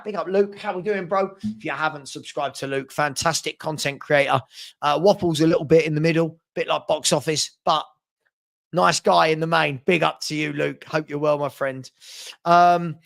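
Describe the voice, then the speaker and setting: Chatty male stream host, slightly high voice with some fry. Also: fairly bright tone. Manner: chatty, thanks viewers by name. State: hiccups. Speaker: fan channel host. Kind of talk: casual live-stream chat.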